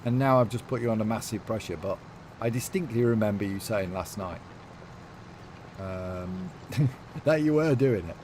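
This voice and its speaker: A man with a fairly low, a little mellow voice streams a farming game at a moderate pace, pausing often, with a little hiss or hum present. His talk is loose and rambling, full of fillers, as he reads viewers' messages aloud.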